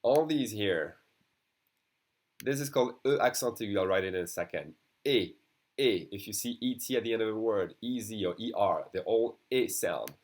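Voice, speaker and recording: A man whose first language is French, teaching a beginner lesson in English and slowly repeating French words for his students. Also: fairly low pitch, animated.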